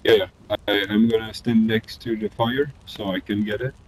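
A man from France with a French accent, speaking halting English in a casual game chat. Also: on the low side, steady tone, a little hiss or hum, poor audio. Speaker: fellow player.

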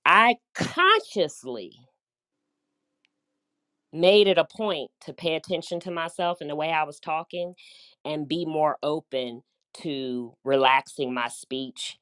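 A woman's voice: low voice, fairly even intonation, unhurried, smooth. A middle-aged woman with a light Southern drawl, hosting a casual live chat in a chatty, upbeat way. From United States. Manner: chatty, upbeat, warm with listeners, loose run-on talk. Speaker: host, business coach.

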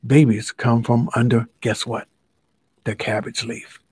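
A man's voice: mid-range voice, level tone, unhurried, husky, dry recording. A man voicing a stubborn alligator in a children's story who insists on his point. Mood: insistent. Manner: insistent, shouting back.

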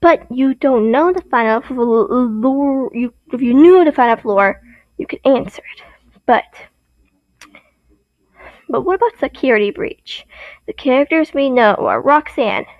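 A woman's voice: high voice, expressive, unhurried, no echo, highs cut off. A young woman explaining game lore in a rambling, giggly way with many restarts. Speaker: video creator.

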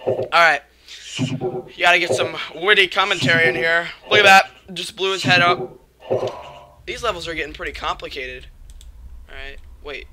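A young man commenting on a video game, excitable and given to sudden yelps and shouted exclamations. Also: fairly high pitch, normal speed, long pauses, a crowd in the background. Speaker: gamer doing commentary. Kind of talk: let's play commentary.

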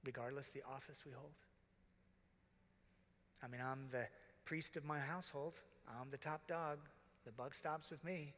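A middle-aged man, a deacon, preaching earnestly and from the heart at a conference, sometimes dropping to a hush. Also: medium pitch, fairly even intonation, unhurried, long pauses. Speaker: deacon speaking to priests. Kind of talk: conference sermon. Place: large conference hall. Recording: reverberant hall.

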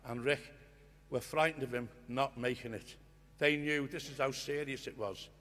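A man's voice: mid-range voice, fairly even intonation, normal speed. Older man speaking in an echoing hall. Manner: earnest, swings from hushed to shouting, swears. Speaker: guest speaker at a union conference. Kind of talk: impassioned storytelling speech. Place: conference hall. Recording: long reverb of a conference hall.

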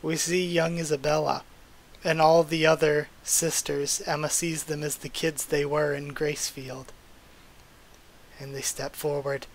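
A young man hosting a comic readthrough, narrating and reacting in an animated, openly emotional way. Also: a little high. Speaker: channel host reading a comic.

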